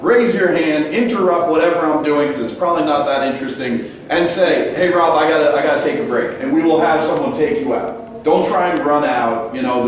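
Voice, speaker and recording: Male host briefing a tour group, chatty and self-mocking, a touch high, distant mic, heavy echo, faint hiss. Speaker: ghost hunt host. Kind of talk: casual briefing to a live group. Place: large echoey stone building indoors. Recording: echoey hall, voice from far off, faint noise.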